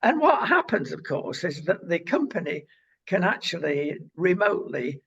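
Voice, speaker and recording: A man's voice: high voice, sing-song, normal speed, gravelly, fairly bright tone, slightly rough. A man co-hosting a casual current-affairs chat, opinionated and rambling with lots of uhs. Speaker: co-host. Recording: dull lo-fi sound.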